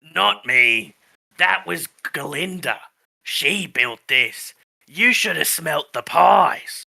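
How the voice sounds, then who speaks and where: Guy putting on a big old gravelly tree man, bad scottish accent sliding australian, slow and bright. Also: on the high side, lively intonation, heavily acted. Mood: warm. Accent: mock Scottish slipping into Australian. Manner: slow, drawn-out delivery. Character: huge old male tree-creature, gruff but kindly.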